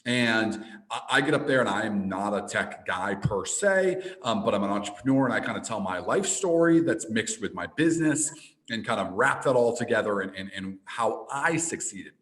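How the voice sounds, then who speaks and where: A man, an entrepreneur and speaker, telling a personal story as a podcast guest, with frequent restarts and animated delivery. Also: lowish voice, moderate pace, rough recording. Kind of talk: storytelling in a casual interview.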